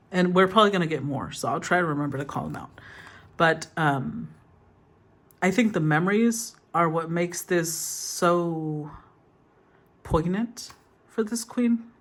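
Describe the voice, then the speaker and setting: A woman's voice: low-pitched, fairly bright tone. A woman giving a casual tarot reading, soothing in tone, thinking aloud and rephrasing as she goes. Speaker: tarot reader.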